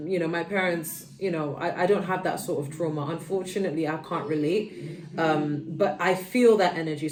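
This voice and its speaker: A British tarot reader gives a reading to her viewers, rambling earnestly with many fillers and restarts. Her voice is fairly low and darkish, recorded in an echoey room a little far from the mic.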